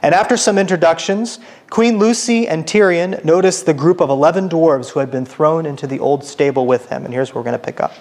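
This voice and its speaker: A man's voice: fairly high pitch, fairly quick, a little mellow. A man giving a casual church lecture, informal and self-correcting, asking the audience questions and reading aloud. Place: church hall.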